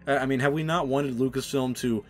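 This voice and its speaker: A man's voice: medium pitch, fairly even intonation, brisk, soft background music. A young man hosting his own channel, giving an exasperated, ranting opinion commentary with sarcastic asides. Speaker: channel host.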